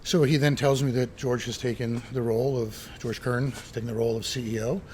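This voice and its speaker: Recorded in an old airport terminal beside a runway, a middle-aged retired pilot and air traffic controller shares animated stories in a casual interview. He speaks a little fast in a mid-range voice, voicing the dialogue of people he quotes.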